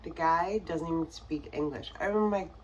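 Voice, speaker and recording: A woman's voice: deep voice, brisk, a little mellow, a little hiss or hum, poor audio. A woman casually telling a personal story to camera in a rambling way, full of fillers, her voice dropping to near whispers at tense moments. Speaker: vlogger.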